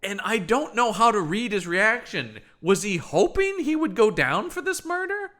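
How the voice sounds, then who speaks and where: A man's voice: high voice, very animated, normal speed, bright, forceful tone. A man co-hosting a comedic movie review podcast, joking and acting out scenes in silly voices. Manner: jokey, puts on silly voices for characters. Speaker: podcast co-host.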